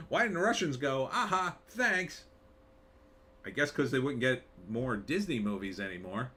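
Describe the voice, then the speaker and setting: A man's voice: mid-range voice, expressive, normal speed, fairly bright tone, a little hiss or hum. A man hosting a live commentary show, talking in a sarcastic, rambling way with wry asides. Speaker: show host.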